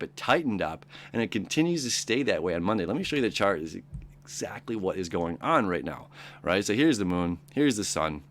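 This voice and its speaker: A man hosting a daily astrology show, talking casually and rambling, acting out quoted friends along the way. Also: lowish voice. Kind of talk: casual daily horoscope talk.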